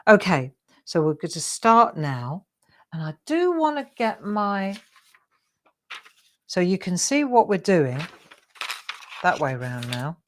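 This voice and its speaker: Chatty woman, low voice. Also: very animated, takes it slowly, long pauses. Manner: chatty, self-deprecating, encouraging. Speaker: craft show host. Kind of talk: live craft demonstration.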